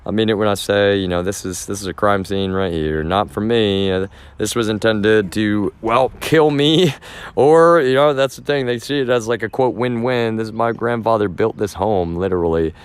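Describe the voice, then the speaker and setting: A man with a low, deep voice talks to his livestream viewers as he walks outdoors. He rambles and sounds agitated, with many fillers and false starts. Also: normal speed, clean tone. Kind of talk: rambling casual livestream talk. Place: outdoors walking through a neighborhood.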